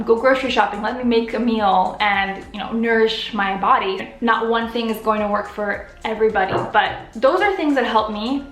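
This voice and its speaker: Woman, YouTuber, casual Q and A, earnest, fairly high voice, roomy echo. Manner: open, earnest, gets emotional. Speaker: YouTuber answering viewer questions. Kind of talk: casual Q and A vlog.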